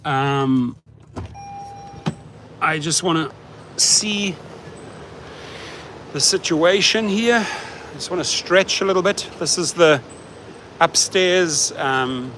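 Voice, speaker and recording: A man's voice: a little high, slow, long pauses, fairly bright tone, a little hiss or hum. A man talking casually on a livestream from his parked car, chatty and often repeating words as he restarts his sentences. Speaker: rideshare driver host answering live chat.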